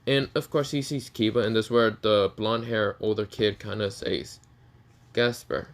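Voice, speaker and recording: A man's voice: on the low side, normal speed. A man narrating an improvised fan story, full of fillers and restarts. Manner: hesitant, many fillers and restarts.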